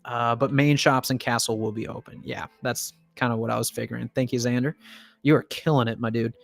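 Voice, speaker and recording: A man's voice: medium pitch, fairly even intonation, a little fast, gravelly, soft background music. A man hosting a casual livestream Q&A, chatty, laughing often and reading viewer comments aloud. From United States. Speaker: livestream host, band member.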